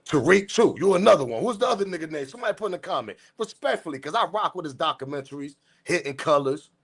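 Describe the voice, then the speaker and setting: A man hosting a news commentary channel, ranting in a profane, slangy, repetitive way, swinging from muttering to shouting. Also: fairly high pitch, animated, fast talker, husky. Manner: profane, repetitive, slangy, keeps saying respectfully. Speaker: host.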